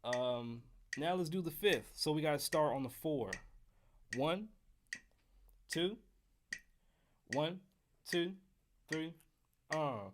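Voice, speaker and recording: A man's voice: a little high, animated, takes it slowly, pauses often, slight background noise. An American man teaching trumpet scales on a live stream, casual and joking with the chat. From United States. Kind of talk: live-streamed music lesson.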